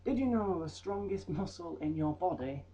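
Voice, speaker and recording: A young man rattles off odd facts with rambling comic asides and a mellow, dark-toned voice. His pitch sits a bit high for a man. He breaks into silly mock voices now and then. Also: animated, moderate pace, rough recording. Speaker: vlogger. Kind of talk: comedic fact vlog.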